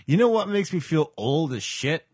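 Jokey, lively-voiced man podcasting. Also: fairly high pitch, normal speed, breathy edge, no room sound. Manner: laughs often, swears, jokey. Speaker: podcast host. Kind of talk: casual chat.

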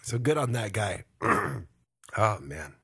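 A man's voice: on the low side, big pitch swings, takes it slowly, gravelly, fairly bright tone, husky, dry recording. Laid-back male podcast co-host, dry sound. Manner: laid-back, reads news stories aloud. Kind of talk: casual chat.

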